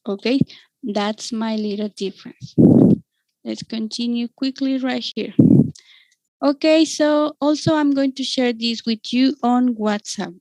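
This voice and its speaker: A woman's voice: fairly high pitch, unhurried, a little mellow, no echo, low-quality recording. A woman with a Mexican Spanish accent teaching an online English class, patiently explaining grammar and checking in with "okay?" after each point.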